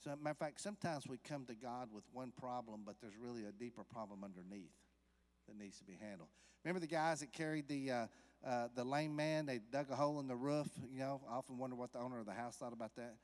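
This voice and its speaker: A man preaching a sermon to a church congregation in a conversational way, putting questions to the listeners and rising to loud, emphatic peaks. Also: mid-range voice, fast talker, long reverb tail. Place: church sanctuary.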